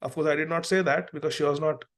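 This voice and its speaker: A man's voice: a little high, fairly even intonation, fast. A middle-aged man, a preacher who is also a doctor, giving a devotional class lecture in an earnest, storytelling way. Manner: earnest, storytelling with acted quotes. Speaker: preacher and physician.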